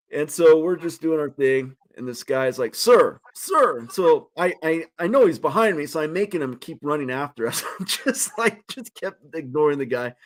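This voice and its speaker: A middle-aged man hosting a casual talk show, telling a story with lively acted-out quotes. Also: on the high side. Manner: animated storyteller, loud when acting out quotes. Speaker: host.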